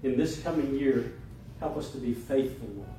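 A man, a pastor, preaching a sermon and leading a prayer, emphatic when preaching and quieter and slower in prayer. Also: medium pitch, faint music behind. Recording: echoey hall, distant mic, noisy.

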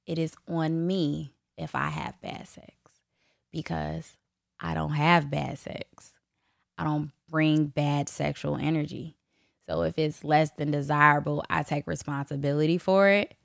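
Young woman, podcast host, lowish voice, blunt, swears freely, frequent laughs, close dry sound. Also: creaky, no room sound. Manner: blunt, profane, laughing often; lively, swings from loud bursts to low asides. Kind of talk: candid solo podcast talk.

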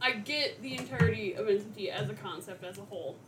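A woman's voice: mid-range voice, fast talker, crowd noise. A woman co-hosting a podcast in casual chat, playful and laughing often. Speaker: podcast co-host. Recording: clear background hiss.

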